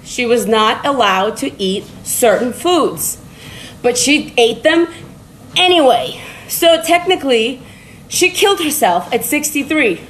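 Middle-aged woman, high voice, loose and blunt live-stream chatter from a treadmill, faint noise behind. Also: animated, measured pace, a bit bright, low-quality recording. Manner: rambling and blunt, with frequent laughs and swearing. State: walking on a treadmill while talking. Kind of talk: casual motivational live-stream talk. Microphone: phone live stream.

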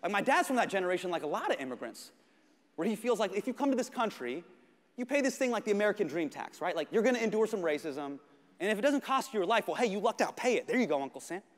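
High, lively male stand-up voice. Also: fast talker, in a large hall. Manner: animated, expressive, shifts between shouting and hushed. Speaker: stand-up comedian. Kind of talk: stand-up storytelling.

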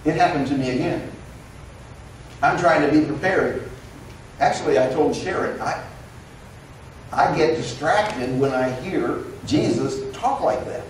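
A male pastor giving a conversational sermon, telling the story in an animated way and acting out the quoted dialogue. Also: fairly high pitch, measured pace, long pauses, slight background noise. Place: church sanctuary. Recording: roomy echo, recorded from a distance.

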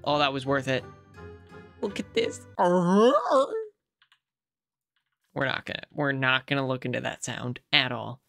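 A woman's voice: rumbling low, unhurried, gravelly, pauses often, fairly bright tone. A woman hosting a gaming channel, giving casual, playful commentary as she plays and talks to herself and her viewers. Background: faint background music.

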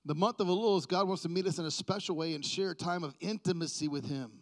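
A man's voice: high voice, fast talker. A middle-aged male pastor preaching a sermon in a church, conversational and self-deprecating, joking with the congregation.

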